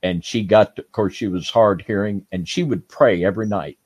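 A man earnestly sharing a memory at a prayer meeting, speaking slowly. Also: on the low side, darkish tone, slightly rough, dry recording. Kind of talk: casual sharing.

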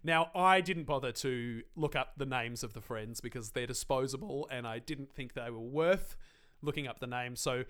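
A man's voice: mid-range voice, moderate pace, a bit bright, clean tone. A man co-hosting a podcast, reviewing a film in casual, sarcastic banter and swearing now and then. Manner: sarcastic, laughs a lot, swears. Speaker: podcast co-host.

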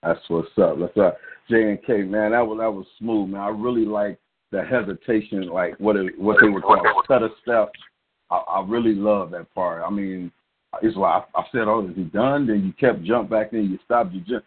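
Husky laid-back man on a phone line. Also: fairly low pitch, normal speed. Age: middle-aged. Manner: laid-back, encouraging, slangy. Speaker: co-host of a call-in poetry show. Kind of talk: casual call-in radio chat. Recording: phone-line call-in audio.

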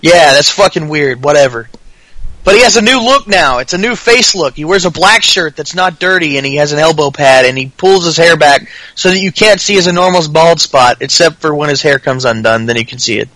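A man's voice: on the high side, lively intonation, fairly quick, sharp tone, no echo, low-quality recording. A man with a Southern US accent co-hosting a podcast, recapping wrestling in a sarcastic, profane way. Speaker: podcast co-host. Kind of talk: casual chat.

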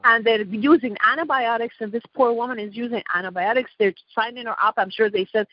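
A fairly high-pitched woman originally from Iran speaks emphatically as a talk radio guest, jumping from point to point and cutting in often. The sound is dull and lo-fi, with a very dry, close feel. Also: a little fast, hardly any pauses, no echo. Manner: rambling, emphatic, interrupts often. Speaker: radio show guest, activist. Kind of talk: talk radio call-in chat.

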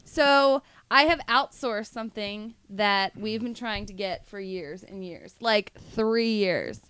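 A woman's voice: mid-range voice, animated, takes it slowly, a bit bright, smooth. A woman co-hosting a podcast, chatting casually, giggling often and trailing off mid-sentence. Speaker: podcast co-host. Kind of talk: casual chat.

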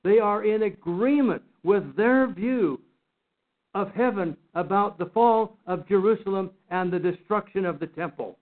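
A man with a high voice teaches a Bible study lesson, pressing his points earnestly and doubling back on his words as he goes. His voice comes through a narrow, phone-like line. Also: a little slow. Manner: earnest, emphatic, repeats and restarts words.

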